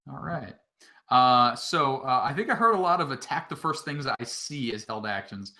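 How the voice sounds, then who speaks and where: Man, game master, bright voice, halting, lots of filler sounds, narrating a dungeon crawl. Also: medium pitch, lively intonation. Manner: halting, many filler sounds between phrases.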